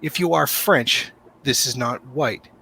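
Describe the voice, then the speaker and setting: A man's voice: mid-range voice, takes it slowly, gravelly, sharp tone, a little hiss or hum. A man in a played clip making a firm, lecturing political statement.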